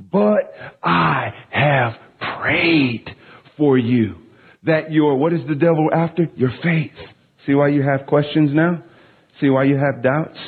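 A man's voice: fairly high pitch, breathy edge. A man in his thirties preaching a sermon, telling a story about his young daughter and then building to emphatic, impassioned peaks. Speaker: pastor. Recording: tinny phone-like sound.

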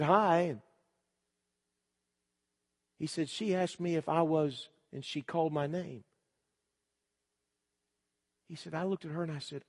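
Male preacher, high voice, emphatic sermon delivery, long hall reverb. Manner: emphatic storytelling, repeating "he said"; urgent direct appeals to the listeners.

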